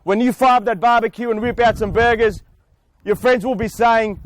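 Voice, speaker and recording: A man, an auctioneer, speaking outdoors in front of a house with booming salesman patter and long theatrical pauses. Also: fairly even intonation, a little hiss or hum. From Australia. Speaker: real estate auctioneer.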